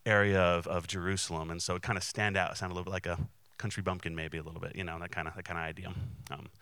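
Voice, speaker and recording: Male pastor preaching in a loose, chatty way. Bright, clear voice, slightly low, and very dry. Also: flat delivery, rapid-fire, dry recording. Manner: conversational, many restarts and fillers; acts out quoted voices. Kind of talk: sermon.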